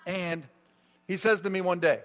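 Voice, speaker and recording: A man's voice: high-pitched, fairly even intonation, moderate pace, fairly bright tone. A middle-aged man preaching a sermon as a pastor, telling stories emphatically with lots of repetition, in a reverberant hall.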